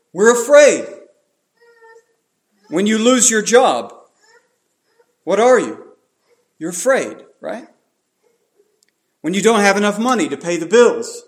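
A man preaching a sermon, emphatic and pressing his listeners with repeated rhetorical questions. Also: high-pitched.

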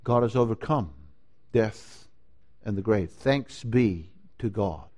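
A man preaching a sermon, slow and emphatic, rising to loud declarations and dropping to hushed lines. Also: lowish voice, expressive. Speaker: pastor.

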